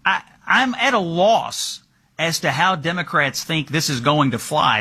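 A man's voice: a little high, sharp tone, slightly rough. A man hosting political talk radio, sarcastic and incredulous in his questions.

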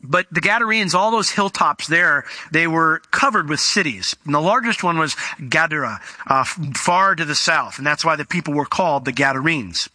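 A male preacher giving an animated expository sermon, explaining what words mean and asking rhetorical questions. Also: on the high side, normal speed, dry recording.

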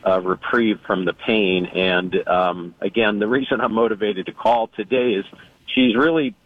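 A man's voice: on the low side, steady tone, moderate pace. Hesitant male caller on a tinny phone line. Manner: hesitant, lots of fillers, polite. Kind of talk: phone call-in. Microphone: phone while driving.

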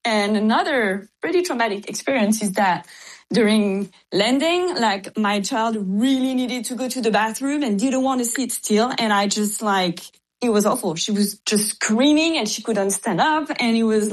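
A woman's voice: on the high side, normal speed, low-quality recording. A woman chatting casually, with many filler words. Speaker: podcast guest. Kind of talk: casual chat.

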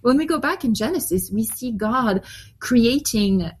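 A woman's voice: on the high side, lively intonation, a little slow, slightly rough. A woman Bible teacher speaking earnestly as a guest in a radio interview.

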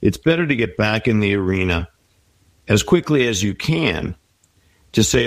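A man's voice: on the low side, lively intonation, moderate pace, no room sound. A middle-aged man in an interview, talking reflectively and giving advice. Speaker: guest. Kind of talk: interview conversation.

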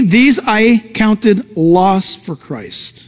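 High-voiced emphatic male preacher. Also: expressive, moderate pace. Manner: emphatic preaching with sudden pitch jumps; conversational asides to the crowd. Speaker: pastor. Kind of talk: sermon.

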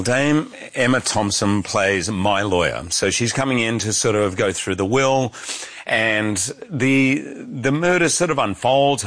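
Middle-aged male actor, enthusiastic interview guest, relaxed chat. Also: medium pitch. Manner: enthusiastic, warm about the film.

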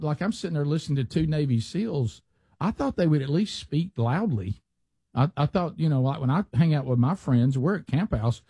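A man's voice: on the high side, mellow, slightly rough, no room sound. A middle-aged man, a radio host chatting casually and mimicking podcast talk. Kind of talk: casual talk show banter.

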